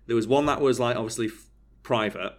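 A man's voice: medium pitch, brisk. A young man, casually telling a work story and acting out the dialogue. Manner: animated storytelling, acts out quoted dialogue, swears freely. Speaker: podcast co-host telling a story. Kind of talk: casual chat.

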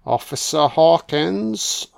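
A man's voice: on the high side, lively intonation, takes it slowly, creaky. A man giving casual, crude commentary on a horror film, sarcastic and swearing nonstop as he mocks the characters.

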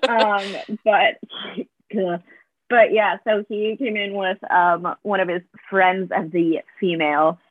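A young woman guest on a podcast, telling a story in casual chat, animated and quoting herself and others, laughing often. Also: medium pitch, slow, no room sound. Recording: dry, tinny phone-like sound.

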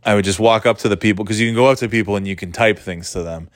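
Rambling, cussing dad, dry sound. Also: male voice, lowish voice, racing, no echo. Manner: profane, rambling, jumps into loud mock quotes. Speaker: dad talking about video games. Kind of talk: casual rambling monologue.

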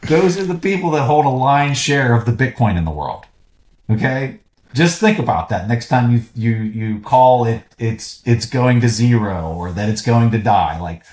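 Emphatic Southern US man in an echoey room. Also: medium pitch. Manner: emphatic and fired up, with a teasing edge. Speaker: podcast guest. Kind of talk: casual podcast conversation.

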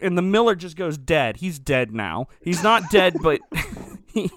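A man's voice: fairly high pitch, sing-song, measured pace, a bit bright. A man hosting a comedy podcast, retelling a movie plot in a rambling, sarcastic way and often correcting himself.

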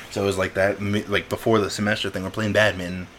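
A man's voice: fairly low pitch, quick pace, a little hiss or hum. A young man co-hosting a podcast, telling stories in casual chat, acting out quotes with bursts of laughter. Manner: animated storytelling with laughter and acted-out quotes. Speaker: podcast co-host.

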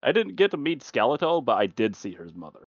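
A man's voice: mid-range voice, sing-song, a little fast, no room sound. A man hosting a casual podcast, speaking hesitantly with many fillers. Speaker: podcast host. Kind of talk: casual chat. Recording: dull, dry lo-fi sound.

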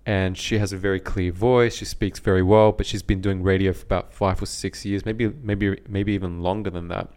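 A man's voice: sits low, fairly even intonation, normal speed, hardly any pauses, a little mellow. A young Australian man co-hosting a podcast, chatting casually and reflectively, often repeating himself as he thinks. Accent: neutral Australian. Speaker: podcast co-host. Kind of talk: casual chat.

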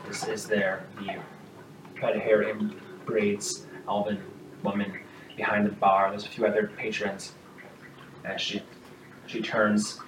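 A male game master narrating a tabletop game in a casual, rambling way with frequent laughs. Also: on the low side. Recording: echoey room from a distance, noisy.

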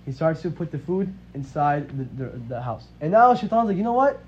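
The recording is dull lo-fi with faint hiss. On it, a man in his twenties who teaches religion tells a religious story casually, his fairly high voice expressive and at normal speed, regularly adding "right?".

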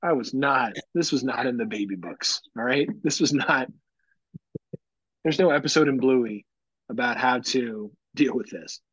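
Husky dad telling animated stories. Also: male voice, mid-range voice, measured pace, no room sound, muffled recording. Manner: animated storyteller, acts out quotes. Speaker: podcast co-host. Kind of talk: casual chat.

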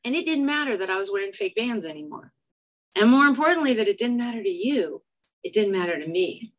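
This is an expressive, fairly quick woman with a mid-range voice. A middle-aged AA speaker from Chicago, she offers an honest, self-deprecating recovery share to an audience in a church meeting room, frequently checking in with "right?"

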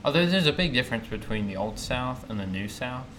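A young man from the American South chats easygoingly as a podcast co-host, voice sitting at an everyday middle pitch. A clear hiss of room noise runs under the recording. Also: expressive, a little fast, fairly bright tone, rough recording. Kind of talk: casual chat.

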